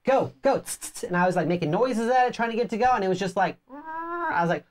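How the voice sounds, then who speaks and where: A woman's voice: medium pitch, racing. A woman co-hosting a board game show, telling stories in casual chat and acting out quoted lines with lots of energy. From Arizona. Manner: animated storyteller acting out quotes.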